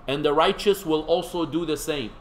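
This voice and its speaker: A man's voice: a little high, normal speed, slight background noise, low-quality recording. A man teaching a seminary class in a conversational lecture, quizzing his students and making joking asides.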